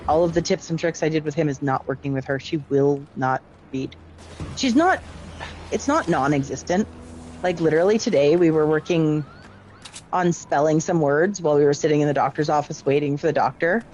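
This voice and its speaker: Middle-aged woman, lowish voice, chatty gamer telling stories to friends. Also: fairly quick, a little hiss or hum. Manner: chatty storytelling, lively retelling of exchanges. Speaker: parent and gamer. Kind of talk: casual chat while gaming.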